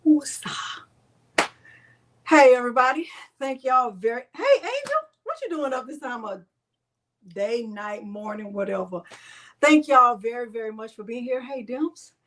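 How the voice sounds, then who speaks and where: A middle-aged woman hosts a casual crafting livestream, greeting viewers by name and chatting warmly between steps. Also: fairly high pitch, animated, normal speed. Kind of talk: casual livestream tutorial chat.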